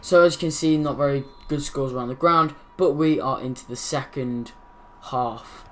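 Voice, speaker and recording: A man's voice: mid-range voice, moderate pace, fairly bright tone, slight background noise. A young man hosting his gaming channel, casually commenting over football game footage, rambling and correcting his own slips.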